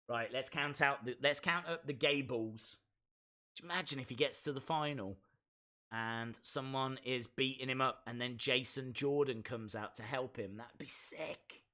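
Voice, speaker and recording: Slow, bright-voiced excitable male streamer. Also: medium pitch. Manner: excitable, chatty and self-mocking. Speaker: live stream host. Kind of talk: live wrestling reaction commentary.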